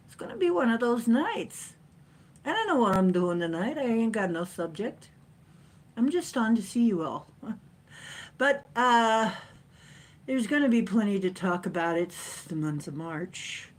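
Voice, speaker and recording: Slow-talking, rambling woman host. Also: expressive. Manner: rambling, chatty, laughs often, playful swoops in pitch. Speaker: livestream host. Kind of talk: casual livestream chat. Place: at home, sitting in a chair with a cat.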